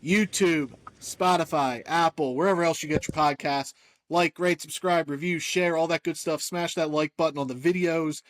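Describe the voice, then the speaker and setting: A man co-hosting a sports podcast in casual chat, listing rankings in an easygoing, quick-running way. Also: fairly high pitch, fairly even intonation, dry recording. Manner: easygoing, lists rankings rapidly. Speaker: podcast co-host.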